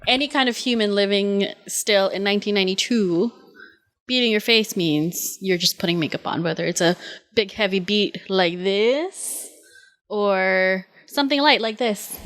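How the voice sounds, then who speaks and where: A woman's voice: mid-range voice, normal speed. Teasing young female podcast co-host. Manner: teasing, playful, deadpan jokes. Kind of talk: casual chat.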